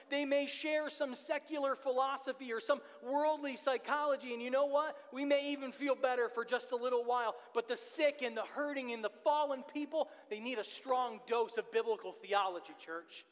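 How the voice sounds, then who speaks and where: A man's voice: extremely high pitch, moderate pace, in a large hall. A man in his thirties preaching a sermon as pastor, earnest and repeating his key phrases for emphasis. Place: church sanctuary.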